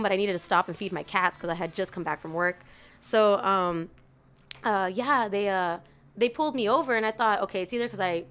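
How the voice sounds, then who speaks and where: A woman's voice: medium pitch, fairly bright tone. Rambling young woman telling a story. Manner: rambling, filler-heavy, acts out quotes. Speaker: storyteller guest. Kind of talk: casual chat.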